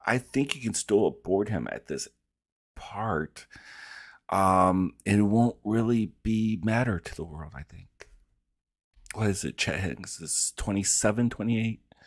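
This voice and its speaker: A man with a lowish, husky voice that swings widely in pitch as he chats. He reacts to a film with campy, profane storytelling, and the sound is dry and close. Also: no room sound. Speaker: reaction video host. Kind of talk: casual reaction chat.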